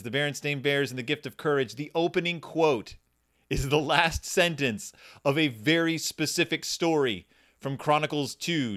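A man's voice: on the high side, a bit bright. A man hosting a podcast and chatting casually about a children's book in a playful, jokey way. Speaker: podcast host.

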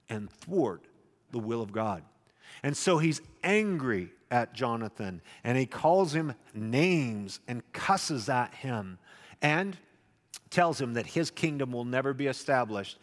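A male pastor preaches slowly and expressively at a medium pitch, working through a Bible passage conversationally with wry asides. Long reverb from a large hall surrounds his voice.

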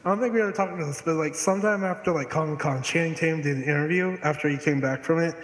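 A man's voice: on the high side, racing. A man co-hosting a podcast, casual chat, telling stories with lots of swearing. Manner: profane, animated storytelling. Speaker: podcast co-host. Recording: echoey room with long reverb.

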